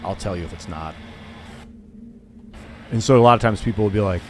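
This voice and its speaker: A young man chats loosely while streaming a video game, wandering from point to point. His speech is packed with fillers and repeated "like". His voice sits low, with a faint hiss of noise behind him. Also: quick pace, long pauses. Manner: rambling, filler-heavy, says "like" a lot. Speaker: gaming streamer.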